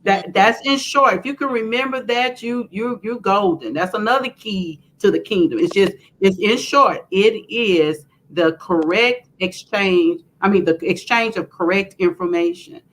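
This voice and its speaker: Brief: woman co-host, mid-range pitch, affirming, chimes in with agreement. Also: a little slow, few pauses, fairly bright tone, poor audio. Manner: affirming, frequent agreeing interjections. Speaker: guest co-host. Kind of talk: casual advice talk.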